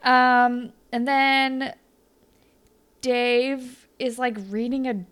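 A woman's voice: high-pitched, very slow, smooth. A young woman co-hosting a podcast, chatting casually and acting out characters' lines. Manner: animated, lots of "like" and quoting characters. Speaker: podcast co-host. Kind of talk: casual recap chat.

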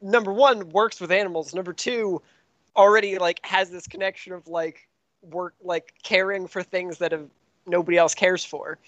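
A man in a casual movie review chat, making his points in an earnest, methodical, slightly halting way. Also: high voice, steady tone, fairly bright tone, no echo, lo-fi sound. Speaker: podcast co-host.

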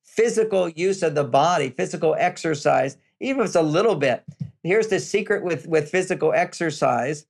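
Older man with a gravelly voice giving advice. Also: fairly high pitch, lively intonation, normal speed. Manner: explanatory, repetitive, emphatic. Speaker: relationship author, guest. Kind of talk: interview advice talk.

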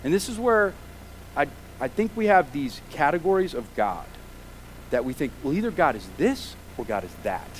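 A man's voice: fairly high pitch, very animated, normal speed, a little hiss or hum, poor audio. A man preaching a sermon as pastor, emphatic and full of rhetorical questions.

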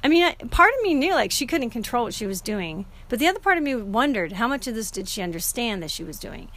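A woman's voice: a little high, sing-song, fast, fairly bright tone. A middle-aged woman telling a personal story in a casual, earnest and emotional way, often restarting her sentences.

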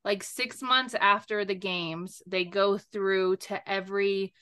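A young woman casually recapping a book's plot for friends, talking quickly with lots of fillers. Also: mid-range voice, steady tone, pushed and bright, smooth. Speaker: podcast co-host. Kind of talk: casual book club chat.

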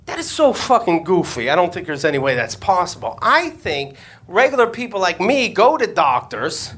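A man's voice: sits high, big pitch swings, normal speed, a bit bright, slightly rough. A man, a comedian and podcast host, telling a crude story on stage before a live audience and acting out the voices he quotes.

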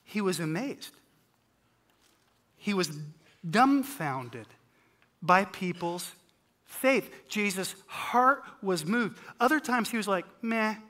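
Slow, bright-voiced preacher. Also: mid-range voice, expressive. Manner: dramatic, acts out scripture scenes, swings loud and soft; humorous asides. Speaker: pastor. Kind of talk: sermon.

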